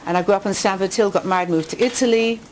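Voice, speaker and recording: Lively woman storyteller. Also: quick pace, a little hiss or hum. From England. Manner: lively storyteller who rises in pitch on quotes and punchlines. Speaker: speaker addressing a women's audience. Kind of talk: inspirational talk with jokes and stories. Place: community hall with a live audience.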